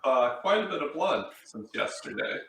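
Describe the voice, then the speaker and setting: Man playing a cool, coolly menacing lord; bright voice, far from the mic in a roomy space. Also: medium pitch, big pitch swings, moderate pace, gravelly. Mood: dry. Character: cool noble lord who can read minds. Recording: echoey room heard from far off, faint noise.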